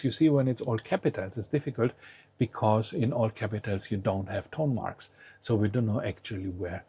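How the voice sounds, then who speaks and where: A man's voice: fairly low pitch, a little mellow, husky. A man teaching a language lesson to the viewer, patiently asking the learner to try each word before he says it.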